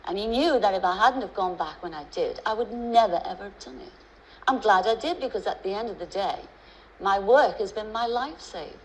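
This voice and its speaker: A woman's voice: medium pitch, fairly quick, slight background noise, rough recording. A middle-aged woman with a Liverpool accent, a chat-show guest who talks in a chatty, storytelling way with many restarts and asides.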